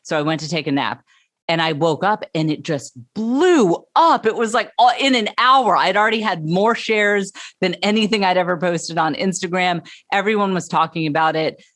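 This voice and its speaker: A woman, a comedian guest telling stories in an animated, emphatic way. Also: on the low side, normal speed, dry recording, clean studio sound. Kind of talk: casual interview chat.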